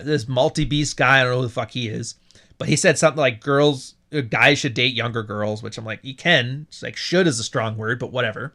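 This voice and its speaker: A man's voice: medium pitch, a bit bright. A man hosting a casual livestream talk, blunt and profane, laughing at his own jokes. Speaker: podcast host.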